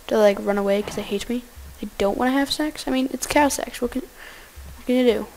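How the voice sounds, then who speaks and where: Woman doing casual game commentary, kinda high voice with a gravelly fry, goofy and excitable. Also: brisk. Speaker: gameplay commentator.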